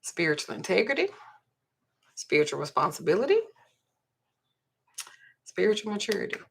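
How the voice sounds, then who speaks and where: Blunt, husky woman with a gravelly low voice. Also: big pitch swings, normal speed. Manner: blunt and profane, retelling a client's story. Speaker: spiritual healer and host. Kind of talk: livestream talk.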